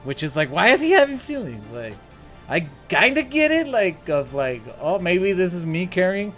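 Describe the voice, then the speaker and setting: A man from El Paso co-hosting a pop-culture podcast, laid-back and swearing casually in relaxed chat. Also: high-pitched, normal speed, faint music behind. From El Paso, Texas. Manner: laid-back, swears a lot, laughs often. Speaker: podcast co-host.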